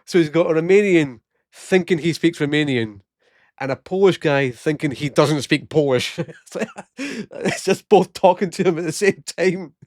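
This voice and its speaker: A man's voice: fairly high pitch, normal speed, a little mellow. A Scottish man in his late thirties tells stories from work and shopping in a loose, casual way. He laughs a lot and slips into voices for the people he quotes. The sound is close and dry, with almost no room echo. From Scotland. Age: 30s. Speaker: vlogger. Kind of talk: casual storytelling.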